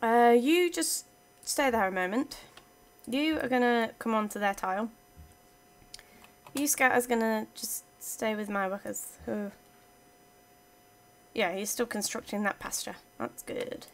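A woman's voice: a little high, unhurried, long pauses. A woman giving casual let's-play commentary, chatting playfully to her game units as she plays. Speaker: gaming channel host.

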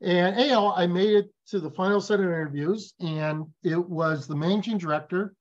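A man speaks as a guest in a casual interview. He tells stories with animated emphasis. His audio sounds a little dull and muffled. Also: high voice, normal speed. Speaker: guest, business professor.

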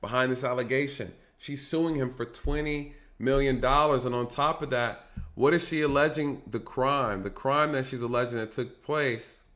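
A man hosting a casual commentary monologue, talking straight to his viewers, checking in with "right?" and "you guys", and swinging between loud, lively stretches and low, muttered asides. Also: moderate pace. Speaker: commentary channel host.

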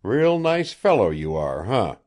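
A cocky young engineer, daring and mocking, as a male reader puts him on. His lines come out raised and lively, swinging widely in pitch, decisive and loud. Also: measured pace.

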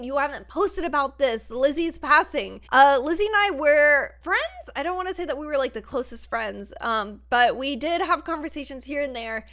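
Bubbly high-voiced young woman gamer. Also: a bit bright. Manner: bubbly, gushing, says "like" often. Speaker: gaming video host. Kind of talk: casual gameplay commentary. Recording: music playing behind voice.

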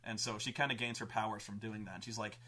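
A man, host and game master, telling a tabletop campaign story in an excitable, profane way with many restarts. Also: lowish voice, fast.

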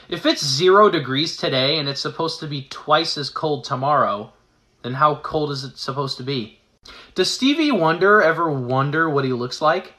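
Bright-voiced man musing aloud. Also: on the high side. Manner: musing, rhetorical questions. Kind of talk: deadpan shower-thought questions.

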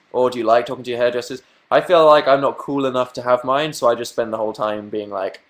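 Young southern English man, self-mocking livestream host, medium pitch, playful and sing-songy, webcam at home. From southern England. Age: young adult. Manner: playful, self-mocking, bursts into silly sing-song noises. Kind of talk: casual livestream chat answering viewer questions.

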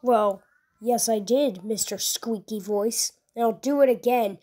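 A woman voicing a blunt, menacing male demon-slaying marine who makes curt, flat demands in a comedy sketch. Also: on the high side, unhurried, pitched below the performer's own voice. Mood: gruff demanding.

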